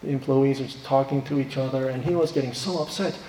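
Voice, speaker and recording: A man's voice: mid-range voice, steady tone, fast talker, dark tone, a little hiss or hum. A male pastor preaching a sermon, earnest, rising sharply on points of emphasis. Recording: echoey hall with long reverb.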